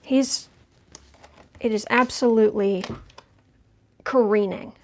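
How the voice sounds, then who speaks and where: A woman's voice: medium pitch, fairly even intonation, slow pace, slight background noise. A woman reading tarot cards on a livestream, thinking aloud in a conversational way as she turns each card. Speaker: tarot reader.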